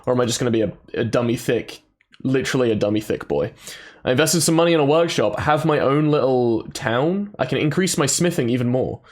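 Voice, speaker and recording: A man's voice: medium pitch, animated, fairly quick. A man giving casual, jokey let's-play commentary and reading game text aloud. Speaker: gaming YouTuber. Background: game soundtrack music.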